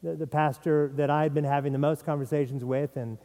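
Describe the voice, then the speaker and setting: A man's voice: a little high, steady tone, brisk, warm tone, big-room sound. A middle-aged man preaching a sermon as pastor, earnest, sometimes repeating words as he stresses a point.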